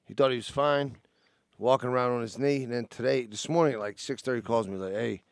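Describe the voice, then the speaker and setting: A man co-hosting a casual podcast, telling an animated, profane story with quoted voices. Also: mid-range voice, fast talker, clear, resonant tone, no echo, studio quality. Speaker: podcast co-host. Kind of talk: casual chat.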